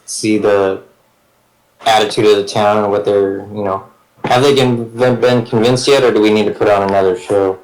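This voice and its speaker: A man's voice: fairly low pitch, low-quality recording. A man playing a tabletop game over voice chat, rambling and hesitating as he thinks aloud. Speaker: player. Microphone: online voice chat.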